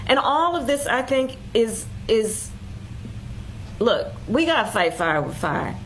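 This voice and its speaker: A woman giving a measured political speech with deliberate emphasis. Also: on the high side, sing-song, a little hiss or hum, poor audio. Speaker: politician in an archive clip.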